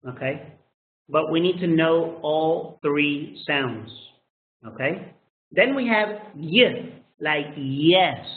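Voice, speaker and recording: Slow-talking man with a tinny phone-like sound. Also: on the high side. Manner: slow, drawn-out modeling of sounds with frequent "okay?" checks. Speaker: English pronunciation teacher. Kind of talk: phonetics lesson.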